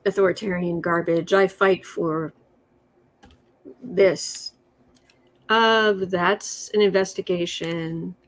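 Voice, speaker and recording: A woman's voice: lowish voice, steady tone, slow, pauses often. Chatty sarcastic woman reading tarot. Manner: chatty, sarcastic, reads cards aloud. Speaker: tarot reader and livestream host. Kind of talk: casual livestream tarot reading.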